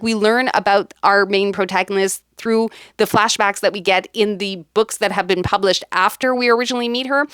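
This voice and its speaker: A woman talks her way through a casual reading vlog, rambling and correcting herself as she goes. Her voice is smooth and clear at a middling pitch. The sound is dry and close. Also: a bit bright, no echo. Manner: rambling, frequent ums and self-corrections. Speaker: book vlogger.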